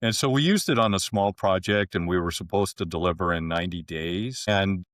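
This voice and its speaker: A man, a guest in an interview, telling a long anecdote in a relaxed conversational way and acting out the dialogue. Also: sits low, brisk, no room sound, studio quality. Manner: relaxed anecdote-teller who acts out quoted dialogue. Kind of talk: conversational storytelling.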